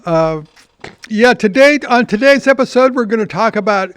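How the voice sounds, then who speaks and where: A man's voice: sits high, expressive, moderate pace, clean tone. An older man hosting a podcast in casual chat, rambling with many restarts and blunt swearing. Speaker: podcast host.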